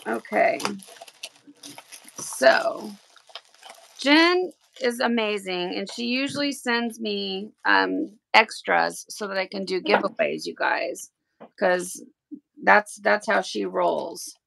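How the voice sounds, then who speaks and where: Gushing woman with a gravelly voice. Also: medium pitch, takes it slowly, a little hiss or hum. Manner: gushing and excitable. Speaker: tie-dye livestream host. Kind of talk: casual livestream chat while unboxing.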